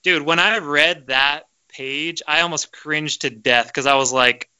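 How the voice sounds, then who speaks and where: Excitable guy hosting a podcast, kinda high and super bright, stumbles and repeats himself. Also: unhurried, clean tone, highs cut off. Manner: excitable, emphatic, repeats words. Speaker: podcast host. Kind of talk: casual conspiracy chat, reading aloud.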